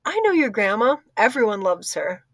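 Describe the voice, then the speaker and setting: A woman's voice: mid-range voice, big pitch swings, normal speed, fairly bright tone, dry recording, clean studio sound. A woman reading as a cheerful teenage girl in an audiobook, chatty and upbeat. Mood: friendly. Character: cheerful teenage girl library helper, quick to laugh. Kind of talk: audiobook character voice.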